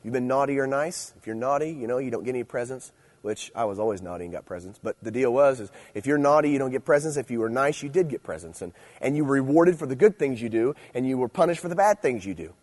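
Husky animated preacher man. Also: medium pitch, fast. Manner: animated, swinging between loud emphasis and quiet asides. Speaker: youth speaker. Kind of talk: sermon.

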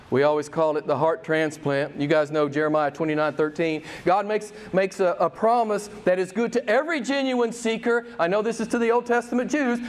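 A pastor delivers a sermon in an emphatic, conversational style, pressing his congregation with one rhetorical question after another. His pitch and loudness swing widely as he speaks.

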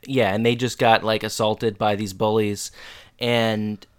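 A man co-hosting a casual recap podcast, animated and often acting out quotes from the show. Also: fairly low pitch, measured pace, clean tone, dry recording. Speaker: podcast co-host.

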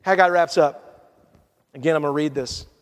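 A male pastor delivers a sermon, reading scripture and telling animated stories before dropping into quiet, earnest appeals. His voice sits high for a man. The sound carries a long reverb, as if from a large church hall. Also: normal speed.

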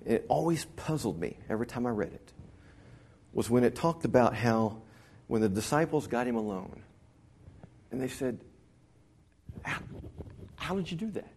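Man, middle-aged pastor, folksy sermon storytelling, mid-pitched voice. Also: animated, moderate pace, long pauses, darkish tone, slight background noise. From Texas Panhandle.

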